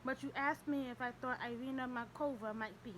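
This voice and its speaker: A woman's voice: high voice, fairly even intonation, a little fast, noisy background, natural voice. A woman reading the lines of a male homicide detective who questions politely and persistently in an audiobook. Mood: steady.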